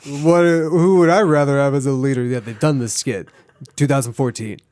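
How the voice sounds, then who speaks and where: A man's voice: mid-range voice, fairly even intonation, moderate pace, a little mellow, dry recording. A man co-hosting a comedy podcast, blunt and swearing freely. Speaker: podcast co-host. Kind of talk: casual comedic chat.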